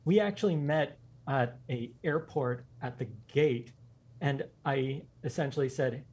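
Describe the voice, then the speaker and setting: A man's voice: medium pitch, a little mellow, breathy edge. A man guesting on a podcast, telling personal stories with enthusiasm and frequent laughter. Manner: enthusiastic anecdotes, quick, laughing. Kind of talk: storytelling in a casual interview.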